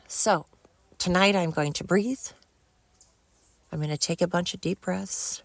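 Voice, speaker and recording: Speaking slowly in a fairly low pitch on a dry recording, a middle-aged podcaster goes it alone. Her talk wanders and comes from the heart, full of free swearing as she vents, and ends with thanks to those listening.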